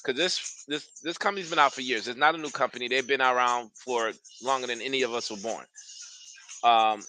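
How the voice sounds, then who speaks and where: A man's voice: mid-range voice, fairly quick, sharp tone, no echo. A man hosting a casual live stream, talking loosely and enthusiastically straight to his viewers. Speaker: fragrance reviewer streaming live.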